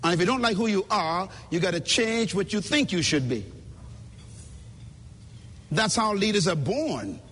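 A man's voice: high-pitched, very animated, a little slow, pauses often, fairly bright tone, slightly rough. A man giving an emphatic, preacher-like motivational speech at a conference, speaking directly to the audience, recorded in a reverberant hall.

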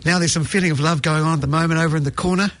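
A man's voice: on the high side, steady tone, racing, a bit bright. A man with a New Zealand accent hosting a radio arts show in a studio, chatty and self-mocking. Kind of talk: casual radio chat.

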